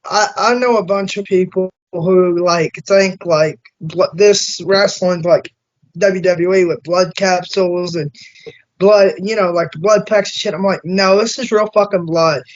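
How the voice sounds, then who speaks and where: A man hosting an interview, chatting casually and excitably with plenty of swearing. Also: sits high. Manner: excitable, profane, fast bursts. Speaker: interview host. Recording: dull lo-fi sound.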